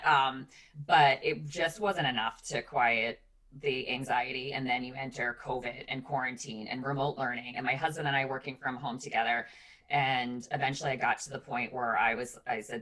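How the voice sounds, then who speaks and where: A woman with a low voice co-hosts a relaxed podcast chat. She sounds like she's in her forties. She talks candidly and chattily, and her speech is full of fillers. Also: brisk. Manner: animated mimicry of her kids in high voices. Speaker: podcast co-host. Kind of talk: casual chat.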